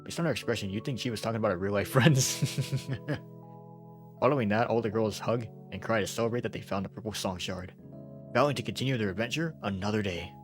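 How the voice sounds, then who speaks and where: A man's voice: on the low side, brisk, soft background music. A young man reading a visual novel aloud as a let's-player, laughing often between plain narration.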